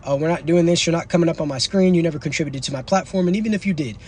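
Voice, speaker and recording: Fast-talking preachy man hosting a stream. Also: on the high side, darkish tone, a little hiss or hum. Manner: preachy, lecturing, slangy. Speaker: livestream host. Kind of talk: casual livestream talk.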